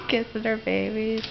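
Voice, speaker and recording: A woman's voice: a little high, creaky, muffled recording. A young mother at home, talking sing-song baby talk and coaxing her toddler, laughing often. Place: family home.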